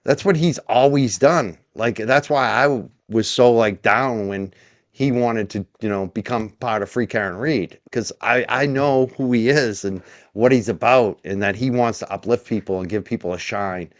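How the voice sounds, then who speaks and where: A man's voice: medium pitch, normal speed, no echo. Dry-sounding man telling stories animatedly. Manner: animated, storytelling. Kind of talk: casual livestream chat.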